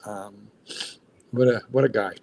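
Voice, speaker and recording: A man hosting a casual livestream, speaking in a halting, heartfelt way with many restarts. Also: on the low side, steady tone, vocal fry, crowd noise. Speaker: livestream host.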